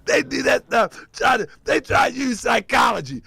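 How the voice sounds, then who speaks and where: A man's voice: extremely high pitch, normal speed, creaky, hardly any pauses, bright, forceful tone, slightly rough. A man hosting a commentary livestream, mocking his subject and laughing often. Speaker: host.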